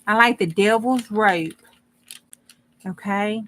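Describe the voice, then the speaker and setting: A woman's voice: medium pitch, slow pace, fairly bright tone. Lady rambling on to her chat while crafting, homey and folksy. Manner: rambling, folksy, talks to the chat as she works. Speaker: crafting livestream host.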